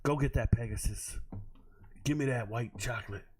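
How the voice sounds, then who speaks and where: A man's voice: mid-range voice, moderate pace, husky. A man hosting a live stream, ranting at his chat in a brash, profane, confrontational way.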